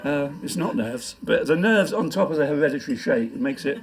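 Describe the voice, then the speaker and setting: Delivering his poems as stand-up in a pub function room, an older comic poet rambles and jokes at his own expense. His voice is a little high and expressive, and he talks a little fast.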